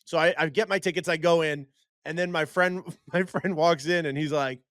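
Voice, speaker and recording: A young man talks sports in an excitable, animated way and slips into impressions as he tells stories. His voice sits a little high, and the recording is dry and close. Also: brisk, no room sound. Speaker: co-host. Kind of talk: casual sports chat.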